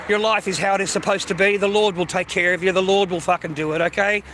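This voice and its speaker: Older Australian bloke hosting a livestream, high and bright voice, foul-mouthed casual rambling, faint noise behind. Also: male voice, steady tone, quick pace. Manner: swears constantly, calls listener mate and bro. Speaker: livestream host. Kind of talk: casual rambling monologue to viewers.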